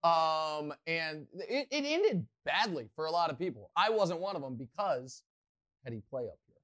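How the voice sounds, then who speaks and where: Excitable man telling a wild story. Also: fairly high pitch, moderate pace. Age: adult, past college. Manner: excitable, rambling, self-mocking. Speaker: podcast host. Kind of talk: animated storytelling.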